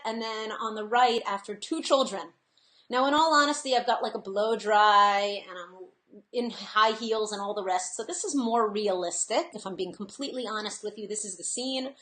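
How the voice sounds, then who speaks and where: A woman in her thirties hosting a webinar, talking in a chatty, earnest way with frequent fillers and laughs. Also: on the high side. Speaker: webinar host. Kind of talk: casual presentation. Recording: echoey room.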